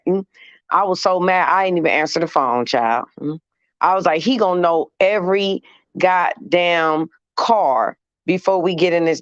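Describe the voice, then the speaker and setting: Woman in her 30s, livestream host, animated storyteller who swears freely; dry, slightly dull recording. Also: on the low side, dry recording. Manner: animated, swears freely, hums "mm" between phrases. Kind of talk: casual storytelling chat.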